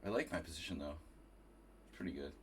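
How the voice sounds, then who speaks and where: A chess streamer from New Jersey chats with viewers and thinks aloud while casually commentating on his own game live. He has an expressive bass voice and talks fast, with slight background noise.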